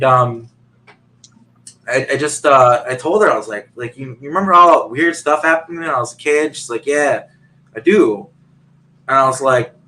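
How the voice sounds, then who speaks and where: A man's voice: medium pitch, sharp tone, low-quality recording. Rambling man telling a story. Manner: rambling, many fillers and restarts. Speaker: guest. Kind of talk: casual personal storytelling. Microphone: video call.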